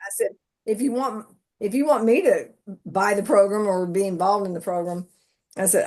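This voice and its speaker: A woman's voice: mid-range voice, normal speed, mellow. A woman casually telling a story in an online class, acting out what was said to her. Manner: storytelling, acts out quotes. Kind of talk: casual chat.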